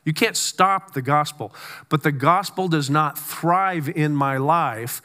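Bright-voiced preaching man. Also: on the high side. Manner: conversational, with stammered restarts and slow, weighty emphasis. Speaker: pastor. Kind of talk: sermon.

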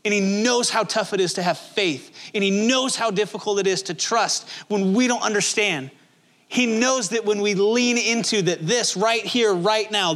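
A man's voice: high voice, fairly bright tone. A male pastor preaching a sermon in a conversational, emphatic way, with many rhetorical questions.

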